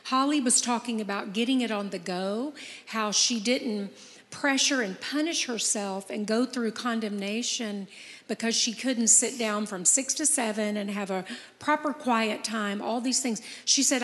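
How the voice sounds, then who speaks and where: A woman's voice: a little high, measured pace, fairly bright tone, long reverb tail. A woman in her fifties, hosting a podcast, talking in an earnest, encouraging way and telling personal stories. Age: 50s. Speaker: podcast host. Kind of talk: casual heartfelt chat.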